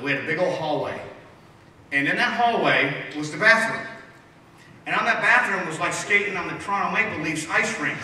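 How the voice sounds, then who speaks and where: A man in his forties tells stories to a dinner crowd in a rambling, animated way, often starting his sentences over. His voice is bright and a little high, and it carries through a large echoey banquet hall from some distance off the mic. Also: a little hiss or hum. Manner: rambling, animated, with lots of restarts. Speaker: after-dinner speaker, former baseball player. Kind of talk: storytelling speech with audience questions.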